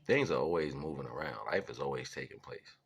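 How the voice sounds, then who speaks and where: Very deep husky man telling stories. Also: a little fast. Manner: rambling, animated, laughs often, acts out voices in stories. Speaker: vlogger sharing life lessons. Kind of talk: casual storytelling monologue.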